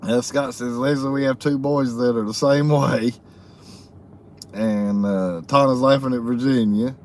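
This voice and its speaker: A man's voice: medium pitch, steady tone, unhurried, a little hiss or hum. A man hosting a live stream, reading viewer comments aloud in a folksy way and laughing often. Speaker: livestream host reading chat comments. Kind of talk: casual live chat.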